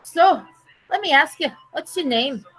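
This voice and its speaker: A woman's voice: high-pitched, animated, measured pace, a bit bright, pitched above the performer's own voice, low-quality recording. A woman voicing a sly, crude male leprechaun with a lilting put-on brogue, as a figure in a told joke.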